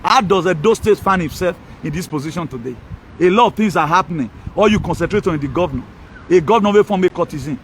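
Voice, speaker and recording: A man's voice: high-pitched, expressive, fast, slight background noise, rough recording. A man, ranting scornfully and combatively in a political video monologue. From Nigeria. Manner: scornful, combative, mocking, with frequent laughs. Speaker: social media commentator.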